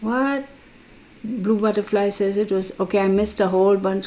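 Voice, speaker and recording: A woman's voice: mid-range voice, moderate pace, dark tone. A woman hosting a tarot live stream, chatting casually, rambling through a story and reading out viewer comments. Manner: laughs as she tells a personal story.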